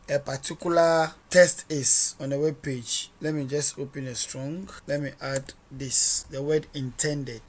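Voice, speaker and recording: Slow, unhurried coding teacher walking through the editor step by step, keeps asking "what?" to quiz you. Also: mid-range voice. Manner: quizzes listeners with rhetorical "what?" questions; narrates each editing step as they go. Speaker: coding instructor. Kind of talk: screen-recorded coding tutorial.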